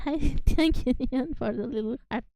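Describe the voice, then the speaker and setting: Streaming live from home as a VTuber, a native Spanish-speaking woman chats casually in a high-pitched voice at normal speed. She's excitable and giggly, apologizing often. There's no echo.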